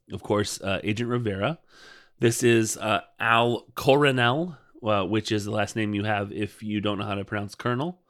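A man's voice: mid-range voice, gravelly, a bit bright. A man co-hosting a podcast, chatting casually about a TV show with rambling asides and frequent laughs. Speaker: podcast co-host.

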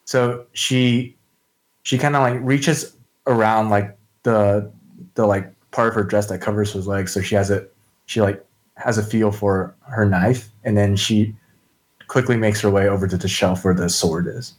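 Hesitant, fairly low-voiced man player. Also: steady tone, measured pace, low-quality recording. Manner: hesitant, full of likes and restarts. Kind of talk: tabletop game play.

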